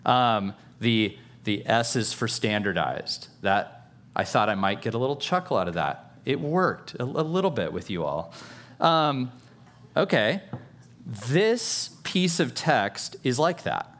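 A male preacher delivering a sermon at a middle pitch, loose and chatty. He drops self-aware jokes and checks in with the congregation as he goes. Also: expressive, slow pace, fairly bright tone. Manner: playful, self-aware humor, conversational asides. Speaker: pastor.

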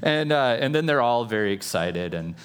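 A man's voice: mid-range voice, lively intonation, normal speed, smooth. A man preaching a sermon in a playful, conversational way, with self-aware jokes and asides to the listeners. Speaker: pastor.

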